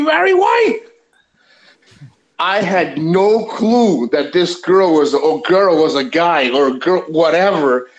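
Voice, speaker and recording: Man, fairly high voice, casual rambling story, animated, salty language. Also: takes it slowly, poor audio. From USA. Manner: rambling, animated, swears freely. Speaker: vlogger telling a travel story.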